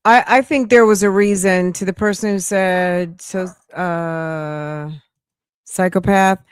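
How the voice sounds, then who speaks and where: A woman's voice: on the low side, fairly even intonation, takes it slowly, clean tone, no room sound, studio quality. A woman hosting a casual live commentary stream, chatty and incredulous, often laughing. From United States. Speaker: livestream commentary host.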